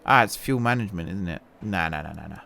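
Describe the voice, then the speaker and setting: Lively, joking man commentating a racing game. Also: deep voice, fast, gravelly, background noise. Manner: chatty, joking, talks to himself while driving. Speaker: gaming channel host. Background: game music and engines.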